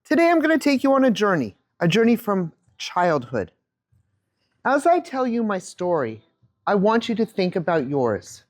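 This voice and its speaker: A woman in her fifties giving a keynote talk on stage, telling a childhood story to a live audience with an animated manner and a handheld mic. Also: medium pitch, moderate pace. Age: 50s. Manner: animated storyteller, acts out quotes. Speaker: keynote speaker.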